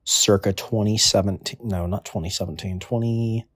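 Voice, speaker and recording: A man in his twenties with a lowish voice, rambling through a crude comedic monologue in an offhand manner. The recording is dry and close, with no room sound. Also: fairly even intonation, moderate pace, a bit bright, slightly rough, no echo. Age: 20s. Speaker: comedic storyteller.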